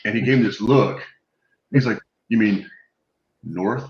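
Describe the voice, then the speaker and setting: A man with a low voice tells his stories with gusto. He swears freely and slips into the voices of the people he quotes. He is on a video call, and the audio sounds dull and echoey. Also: a little slow. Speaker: guest telling war stories. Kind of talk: casual storytelling chat.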